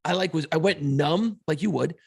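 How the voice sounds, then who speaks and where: Middle-aged guy on a podcast, gravelly husky voice, swears a lot, acts out his own reactions. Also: fairly high pitch, normal speed, a little mellow, no room sound, clean studio sound. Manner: emotional, swears freely, tells stories with quoted reactions. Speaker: podcast co-host and radio host. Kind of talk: casual podcast chat.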